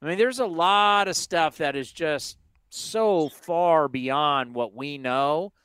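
A man's voice: a little high, takes it slowly, fairly bright tone, clean tone, dry recording. A man hosting a baseball talk show, talking casually and emphatically, firing off rhetorical questions. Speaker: sports talk show host.

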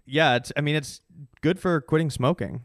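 A man's voice: fairly high pitch, no echo, studio quality. A man co-hosting a podcast in loose, joking casual chat. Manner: loose, joking, quick to riff. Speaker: podcast co-host.

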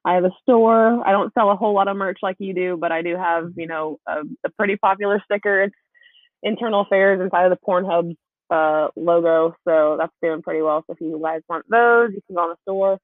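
A woman's voice: lowish voice, brisk, no room sound. A woman calling in as a podcast guest, chatting casually and hesitantly with many fillers. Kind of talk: casual chat. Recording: tinny dry phone line.

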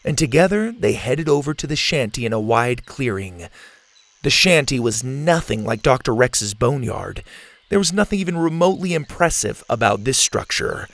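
A man narrating a children's adventure audiobook in a steady storytelling manner. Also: mid-range voice.

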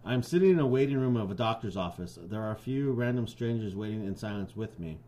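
A man's voice: fairly low pitch, lively intonation, quick pace, dark tone. A man co-hosting a podcast, joking crudely and reading stories aloud. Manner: crude, joking, laughs a lot. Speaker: podcast co-host.

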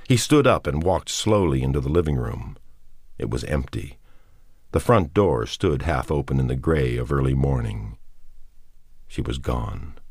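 A man narrating a novel as a scripted audiobook reading, in a measured, unhurried manner. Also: extremely low pitch, a little mellow, no echo, studio quality.

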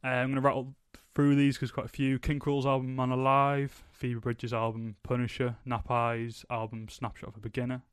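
A man's voice: medium pitch, completely flat delivery, moderate pace, hardly any pauses, clean tone, no echo, clean studio sound. A young man hosting a podcast, chatting casually and rambling with lots of fillers. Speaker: podcast host. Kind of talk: casual chat.

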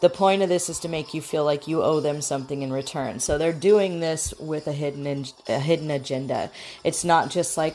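A woman's voice: sits low, moderate pace, mellow, a little hiss or hum. A woman hosting a talk show, chatting frankly and casually, acting out the lines she quotes. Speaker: podcast host.

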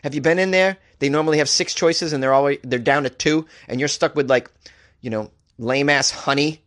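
A man's voice: fairly high pitch, brisk, fairly bright tone. Sarcastic man riffing on the news. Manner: sarcastic, jokey, laughs at own jokes. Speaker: podcast host. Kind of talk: comedic news commentary. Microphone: studio microphone.

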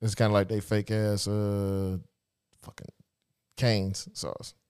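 A man's voice: fairly low pitch, little pitch movement, takes it slowly, darkish tone, clear, resonant tone. A man co-hosting a casual podcast, joking and profane, now and then slipping into impressions. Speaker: podcast co-host. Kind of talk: casual group podcast chat.

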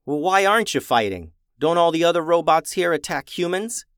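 A man voicing a cautious, curious young boy who asks quick questions. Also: on the high side, expressive, a bit bright, clean tone, dry recording, studio quality, pitched above the performer's own voice.

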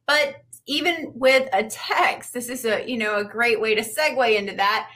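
A woman's voice: a little high, normal speed, bright, forceful tone. A woman dating coach giving chatty, upbeat advice on a livestream, repeating points for emphasis.

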